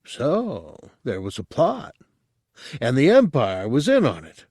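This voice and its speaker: A man narrating an audiobook in a gruff first-person storytelling manner. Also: medium pitch, wildly swooping pitch, slow, a little mellow, no room sound, clean studio sound.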